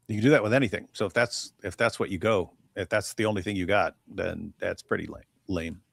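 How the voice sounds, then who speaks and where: A man's voice: fairly low pitch, brisk, vocal fry, dry recording, studio quality. A man co-hosting a live stream, chatting casually and bluntly dismissing a theory, repeating words as he builds his point. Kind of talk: casual debate chat.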